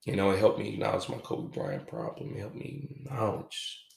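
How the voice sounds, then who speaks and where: Very gravelly man, roomy echo. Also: fairly low pitch, huge pitch swings. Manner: halting, reflective, casual with swearing. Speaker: podcast host. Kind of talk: confessional podcast monologue. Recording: echoey room.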